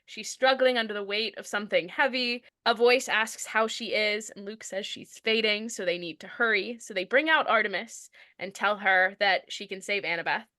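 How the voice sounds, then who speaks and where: A woman co-hosting a casual book podcast, recapping the chapters in an animated, chatty way and laughing often. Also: medium pitch, moderate pace, few pauses, no room sound, clean studio sound. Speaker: podcast co-host. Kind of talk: casual book-discussion chat.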